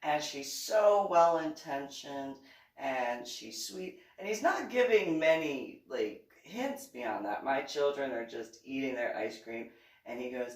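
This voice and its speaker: Host brief: middle-aged woman, unhurried animated storyteller, mic set well back from her. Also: very deep voice. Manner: chatty, animated, amused. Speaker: YouTube channel host. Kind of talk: casual personal storytelling. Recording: echoey room, distant mic.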